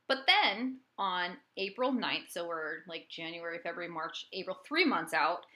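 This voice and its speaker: A woman's voice: lowish voice, moderate pace. A woman co-hosting a podcast, telling a true-crime case in a chatty, casual way. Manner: chatty and animated, with lots of fillers. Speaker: podcast co-host and storyteller.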